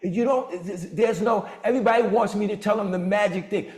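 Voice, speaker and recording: A man in his sixties hosting a motivational group on a video call, talking with a lively preacher-like cadence. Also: brisk, roomy sound. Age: 60s. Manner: animated preacher-like cadence, swoops in pitch. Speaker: mastermind group host.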